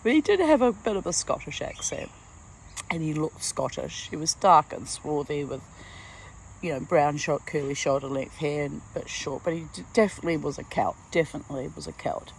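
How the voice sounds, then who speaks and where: A woman's voice: low voice, animated, fairly quick, gravelly, a little hiss or hum, low-quality recording. A woman in her sixties from Australia, telling a rambling personal story at home, full of asides and laughs. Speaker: vlogger. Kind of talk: casual storytelling monologue. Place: at home near a garden.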